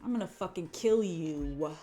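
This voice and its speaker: A woman puts on a hot-headed young delinquent, loud and cursing. The voice is raised and pushed, with an aggressive bark. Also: lowish voice, lively intonation, a little slow, soft background music. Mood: angry.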